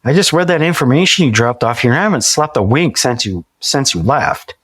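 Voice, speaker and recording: A man in his forties, a podcast guest, telling his story conversationally, with many restarts and lively acted-out quoted dialogue. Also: mid-range voice, a little fast, dry recording. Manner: acts out quoted dialogue vividly; frequent restarts and repeated words.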